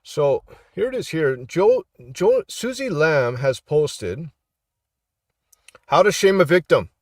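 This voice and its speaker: A man's voice: a little high, sing-song, takes it slowly, no echo, studio quality. A middle-aged man, a street minister, chatting casually as he reads posts aloud and keeps asking "all right?" in a preachy way. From Canada. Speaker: street minister and YouTube commentator. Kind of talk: casual live commentary reading online posts.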